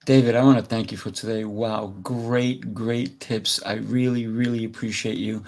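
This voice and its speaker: A man's voice: fairly low pitch, steady tone, moderate pace, a little mellow. A man hosting an interview, talking in an enthusiastic, effusive way. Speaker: host. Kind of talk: interview wrap-up chat.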